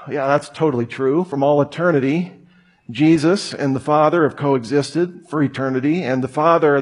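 A man's voice: on the high side, slightly rough. Casual, chatty male pastor. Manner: casual, chatty, laughing asides. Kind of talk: sermon.

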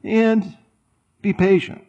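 A man preaching a sermon in a conversational, animated way, full of rhetorical questions and playful asides. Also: high-pitched, slow pace, muffled recording. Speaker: pastor.

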